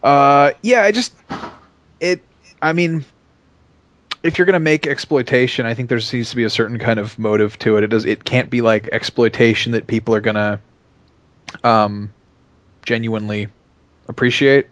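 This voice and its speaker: A man co-hosting a gaming podcast, opinionated but hesitant, working his thoughts out with many pauses and restarts. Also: medium pitch, fairly even intonation, dry recording. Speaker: podcast co-host. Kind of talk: casual chat.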